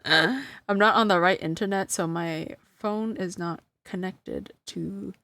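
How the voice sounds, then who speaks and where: A woman's voice: lowish voice, a little slow, a bit bright, dry recording. A woman streamer chatting casually to her live chat, flustered and self-deprecating, often breaking into laughter. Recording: dry close sound.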